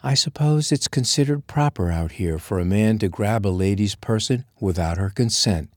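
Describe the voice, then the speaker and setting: A man's voice: fairly low pitch, normal speed, darkish tone, no room sound, clean studio sound, lightly acted. A man putting on a prim, haughty young lady. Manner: haughty, formal.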